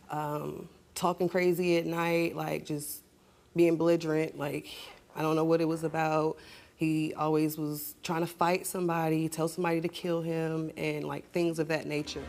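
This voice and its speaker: A woman guest on a talk show telling an emotional story, her voice rising sharply when she argues. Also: low-pitched. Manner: emotional, rising to shouting in arguments. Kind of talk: emotional confrontational testimony.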